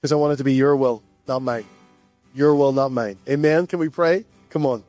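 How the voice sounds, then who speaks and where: A man preaching a sermon as pastor, animated and repeating key lines for emphasis. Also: mid-range voice, moderate pace, no echo, faint music behind.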